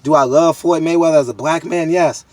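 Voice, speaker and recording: A man's voice: a little high, a little fast, darkish tone, no echo. A man in his thirties from the United States, talking straight to his viewers in a candid, emphatic, street-casual monologue full of repeats. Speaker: boxing media vlogger.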